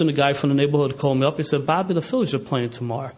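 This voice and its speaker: A middle-aged man with a Philadelphia accent, telling stories as an AA speaker at a recovery meeting, animated and laughing as he talks. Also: mid-range voice, rapid-fire, vocal fry, hardly any pauses. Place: meeting hall with a live audience.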